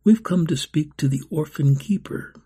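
A man voicing a kindly king who speaks softly and gently, in a storybook reading. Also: fairly high pitch, moderate pace, breathy edge. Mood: gentle. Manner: soft, gentle, quiet.

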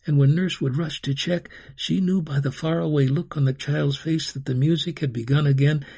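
A man reading a story aloud as scripted narration, slow and dramatic. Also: a little high, fairly even intonation, dark tone, husky. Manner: slow, dramatic storytelling with sung-out carnival sounds.

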